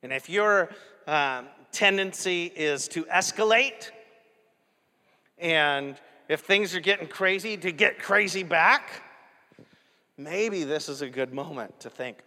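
A man preaching with a fairly high voice, animated and chatty, breaking into laughter as he makes his points. The sermon rings through a hall with a long, trailing reverb. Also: a little slow. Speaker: pastor.

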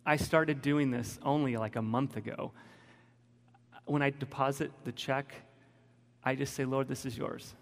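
A man delivers a candid, emotional sermon in a conversational way, his voice gravelly with creak. His voice rings with the long reverb of a church hall. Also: mid-range voice, fairly even intonation, unhurried, long pauses. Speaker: pastor.

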